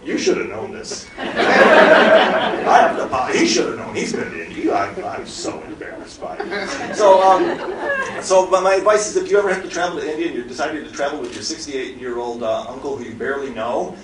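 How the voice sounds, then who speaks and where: A man, a mystery author, telling a comic travel story to a theatre audience, animated and laughing as he acts out scenes. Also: fairly high pitch, brisk, crowd noise. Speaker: mystery author, interview guest. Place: theatre before a live audience. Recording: echoey theatre, far mic, audience noise.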